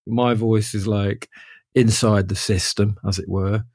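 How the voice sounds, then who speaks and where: Dry-sounding podcast co-host, musing. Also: male voice, fairly low pitch, steady tone, unhurried, a little mellow, no room sound. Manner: musing, rambling. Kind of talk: casual chat.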